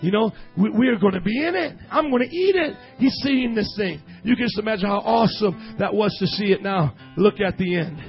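A male pastor preaching a sermon, swinging from loud shouting down to low murmuring. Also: a little fast, dull audio, faint music behind. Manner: emotional, fervent preaching.

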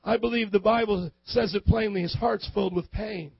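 High-pitched guy preaching hard, gets loud and shouty, dry lo-fi sound. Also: steady tone, normal speed, vocal fry, husky, dry recording. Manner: impassioned preaching that swells into shouts. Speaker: pastor. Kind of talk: sermon.

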